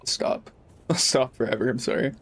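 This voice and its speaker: A man's voice: mid-range voice, measured pace, fairly bright tone, slightly rough. A young man chatting casually while streaming a game, rambling and laid-back, swearing freely. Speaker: live streamer. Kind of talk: casual gaming livestream chat.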